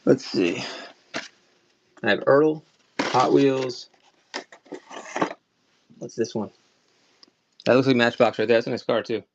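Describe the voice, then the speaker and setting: A man's voice: mid-range voice, slow pace, pauses often, a little hiss or hum. Chatty Maryland man selling live. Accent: slight Maryland. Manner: rambling, chatty, many "like" fillers. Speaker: online auction seller. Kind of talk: casual live-selling chat. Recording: slightly dull lo-fi stream audio.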